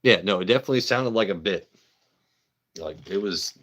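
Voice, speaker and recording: A man's voice: low voice, lively intonation, moderate pace, a bit bright. A man hosting a casual livestream, chatting loosely, swearing and joking with viewers by name. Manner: profane, joking, talks to chat by name. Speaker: livestream host. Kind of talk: casual rambling livestream chat.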